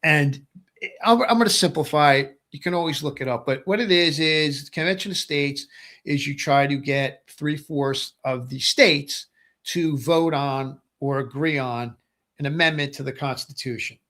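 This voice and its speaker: A middle-aged webcast host with a fairly high, fairly bright voice talks at normal speed through his political views. His casual monologue rambles, repeats phrases, and keeps asking "right?"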